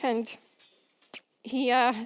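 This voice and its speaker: A woman with an English accent reading family tributes aloud at a memorial, measured and pausing to clear her throat. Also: fairly high pitch, flat delivery, no echo.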